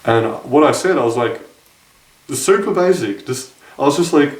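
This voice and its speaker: A man's voice: medium pitch, animated, moderate pace, far from the mic. A young man casually telling a dating story to camera, rambling with frequent restarts and self-corrections. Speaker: dating advice vlogger. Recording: echoey room, voice off-mic.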